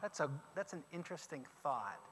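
Bright, high-voiced male teacher, animated classroom lecture with reverb. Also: brisk, a little hiss or hum. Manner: lively, questions the class, emphatic exclamations.

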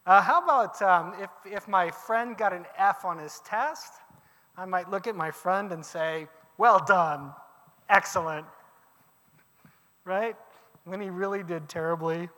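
Lively high-voiced male teacher lecturing. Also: moderate pace, big-room sound. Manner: lively, questions the class, emphatic exclamations. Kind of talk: classroom lecture with discussion. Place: classroom.

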